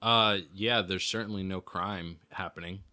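A deep-voiced man co-hosting a podcast with dry, deadpan humor. His low voice still carries a bright edge. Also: normal speed. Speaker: podcast co-host. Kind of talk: casual podcast chat.

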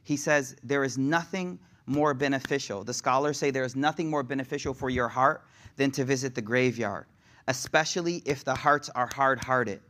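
A man's voice: medium pitch, moderate pace, fairly bright tone. A young adult man teaching a sermon in a casual, slang-filled way, building up to raised, passionate delivery. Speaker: religious teacher.

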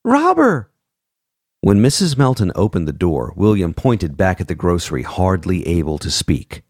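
A man narrating an audiobook in a measured, expressive way, voicing each character. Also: low-pitched, dry recording, clean studio sound.

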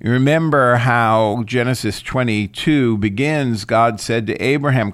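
A man giving a reflective lecture on scripture, speaking in a deliberate, questioning way. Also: mid-range voice, a bit bright, no echo.

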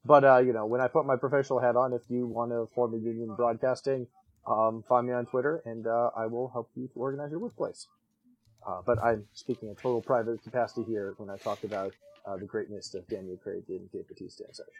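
A man chatting on a podcast, halting and full of fillers. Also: mid-range voice, steady tone, no echo, dull audio. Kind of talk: casual chat.

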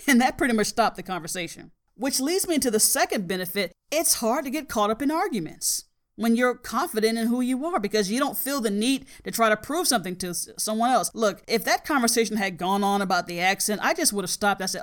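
A woman's voice: mid-range voice, animated, brisk. A middle-aged woman hosting a podcast, a college biology teacher from the US South with no regional accent, talking frankly and with dry humor in a casual monologue. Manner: frank, storytelling, dryly humorous.

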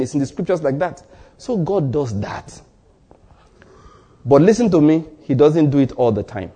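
Storytelling male pastor, dark husky voice. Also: a little high. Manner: storytelling, acts out dialogue in asides. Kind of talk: sermon.

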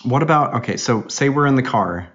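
A man in his thirties chatting casually with his young daughter on a podcast, patiently explaining things through questions and gentle teasing. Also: mid-range voice, lively intonation, a little fast. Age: 30s. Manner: patient explainer who asks questions and teases. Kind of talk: casual family chat. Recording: dull lo-fi recording.

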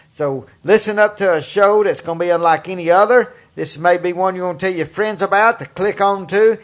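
An older man with a Southern US accent hosting a political talk show, speaking emphatically in a folksy way and getting louder on key points. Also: fairly high pitch. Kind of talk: political commentary monologue.

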